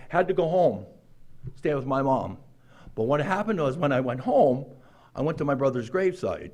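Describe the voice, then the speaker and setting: A man in his sixties telling his own recovery story to a meeting, acting out quoted lines with sudden jumps in pitch and loudness. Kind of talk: personal recovery story told to a group.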